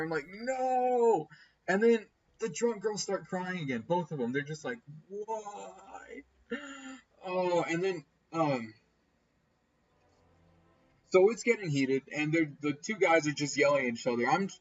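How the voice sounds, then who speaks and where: Over gameplay, a man casually tells a story, animatedly acting out the people he quotes with abrupt jumps in pitch. His voice has a breathy edge, and the audio sounds dull.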